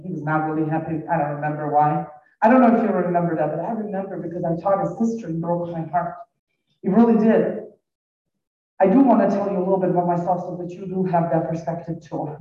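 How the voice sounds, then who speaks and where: School staffer, middle-aged man, non-native accent, chatty personal storytelling, boomy hall, far-off mic. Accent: foreign accent, non-native English. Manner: warm, personal, rambling storytelling. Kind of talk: responding at a community forum. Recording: echoey hall, distant dull mic.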